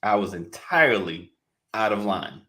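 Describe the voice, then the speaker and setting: A man voicing a polite, well-spoken pet parrot in a joke he is reading out, with slow, courteous delivery. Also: fairly low pitch, expressive, bright, forceful tone. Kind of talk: telling a joke.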